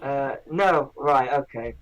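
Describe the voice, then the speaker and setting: A man's voice: medium pitch, slow, rough recording. A man on a podcast, rambling through a review of drone gear with lots of restarts in casual banter.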